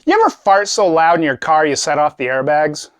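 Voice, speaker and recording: A man's voice: on the high side, sing-song, fairly quick, clear, resonant tone. A man from Alaska doing stand-up comedy in a dry, conversational way. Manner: dry, conversational delivery, acted-out voices.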